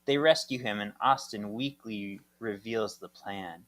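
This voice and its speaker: Lower-voiced man reading a summary. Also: unhurried, fairly bright tone. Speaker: podcast co-host. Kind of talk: reading a plot summary aloud.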